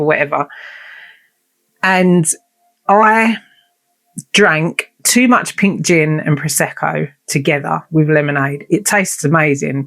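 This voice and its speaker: A woman's voice: low voice, a bit bright. A woman hosting a podcast, telling a personal story in a frank, self-mocking way and swearing freely. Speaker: podcast host. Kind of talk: casual storytelling monologue.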